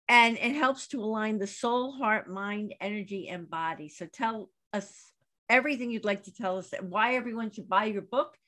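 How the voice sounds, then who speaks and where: A woman's voice: medium pitch, fairly bright tone. A woman hosting a casual interview, who praises her guest effusively and asks long, winding questions. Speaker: interview host.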